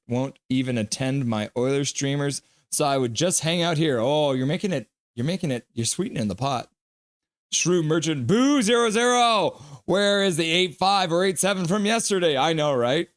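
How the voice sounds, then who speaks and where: A man's voice: mid-range voice, normal speed. A man hosting a live stream, playfully reading viewer comments aloud and answering them. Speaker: livestream host.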